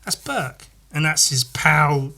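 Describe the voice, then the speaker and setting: Male podcast host with a bright, tense voice. Casual, profane and playful, riffing on his sketchbook. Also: on the high side, lively intonation, slow. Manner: swears constantly, playful, jumps into loud goofy voices. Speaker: artist hosting a solo podcast. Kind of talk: casual rambling chat while sketching.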